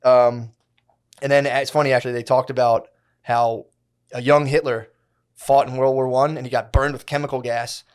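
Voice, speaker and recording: A man's voice: medium pitch, flat delivery, moderate pace, clear, resonant tone. A young man co-hosting a podcast, telling a story in casual, profane slang and putting on mocking voices for the people in it. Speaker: podcast co-host. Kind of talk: casual chat.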